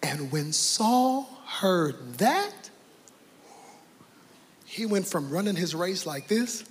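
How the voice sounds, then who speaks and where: A man preaching a sermon, dramatic, swinging from hushed to shouting. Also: high-pitched, big pitch swings, very slow, a little hiss or hum. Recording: reverberant hall with faint ambience.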